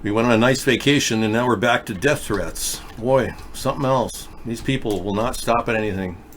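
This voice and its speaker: A man's voice: medium pitch, moderate pace, slight background noise. A man hosting a live call-in talk show, rambling and conspiratorial as he talks to callers. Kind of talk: rambling live-stream commentary.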